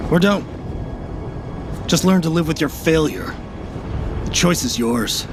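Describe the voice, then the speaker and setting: A man's voice: fairly high pitch, animated, takes it slowly. An actor playing a cold, scheming male ranger leader in a fan film, with a stiff, unnatural delivery. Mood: commanding. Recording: loud music soundtrack.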